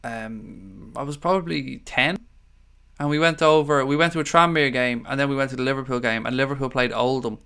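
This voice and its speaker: A man's voice: medium pitch, a little fast, fairly bright tone, clean tone. An Irish man hosting a casual live stream, reading out viewer comments and greeting people as mate and buddy. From Ireland. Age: adult father of young children.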